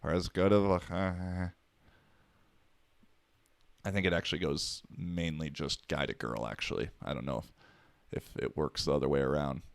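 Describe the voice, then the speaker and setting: A man's voice: very deep voice, steady tone, moderate pace, gravelly, pauses often, no room sound. A man hosting his own podcast, talking alone in a rambling, profane, wisecracking way. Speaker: podcast host. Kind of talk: casual solo podcast monologue.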